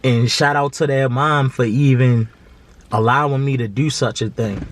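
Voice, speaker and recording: A man's voice: medium pitch, fairly even intonation, moderate pace, slight background noise. A man, talking earnestly to camera in a slangy, repetitive way. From Baltimore. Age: 20s. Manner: earnest, preachy, slangy, repeats himself. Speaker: vlogger. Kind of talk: casual heartfelt monologue to camera.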